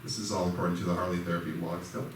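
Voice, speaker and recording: Very fast and level in tone, a deep-voiced man gives a conversational lesson at church, drawing on personal stories. He's self-deprecating and voices the people he quotes. The sanctuary echoes, and the far-off mic picks up faint noise.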